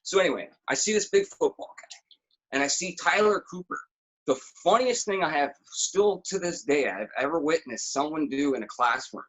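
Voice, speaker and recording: A man's voice: a little high, normal speed, poor audio. A man as a podcast guest, telling profane stories in casual chat. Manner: animated, profane storytelling.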